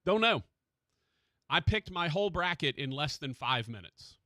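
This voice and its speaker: A man hosting a sports radio show in a studio, chatting casually and excitedly about college basketball. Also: a little high, normal speed, no room sound.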